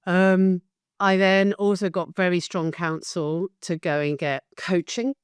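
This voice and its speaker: A woman in her fifties, a guest on a podcast interview, telling her career story in a candid and animated way. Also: on the low side, unhurried, smooth, dry recording, studio quality. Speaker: guest, facilitation business founder.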